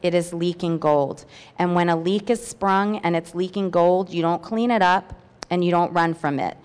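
A woman's voice: fairly low pitch, moderate pace, darkish tone, clear, resonant tone. Earnest woman reading aloud in reverberant hall. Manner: earnest, heartfelt, with hesitant fillers. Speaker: church member sharing a testimony. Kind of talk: reading a personal testimony aloud.

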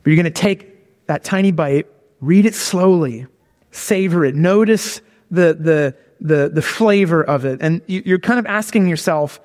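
A man's voice: a little high, measured pace, darkish tone, big-room sound. A man giving a conversational sermon who keeps checking in with his listeners with "okay?" and "all right?". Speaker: preacher.

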